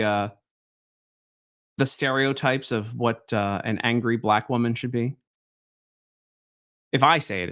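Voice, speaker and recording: A man's voice: mid-range voice, a bit bright. A man hosting a live stream, reacting to clips in a rambling, incredulous way. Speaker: host.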